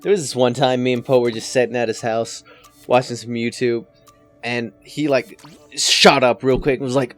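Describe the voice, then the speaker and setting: A man's voice: medium pitch, steady tone, normal speed, faint music behind. A man in his twenties telling stand-up stories in a casual, rambling way, often swearing. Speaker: comedian. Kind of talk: stand-up storytelling.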